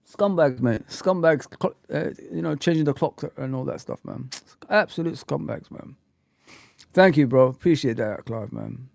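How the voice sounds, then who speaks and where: A man hosting a casual livestream chat, talking in an animated, rambling, slangy way. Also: medium pitch, normal speed, gravelly, dry recording, studio quality. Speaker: host.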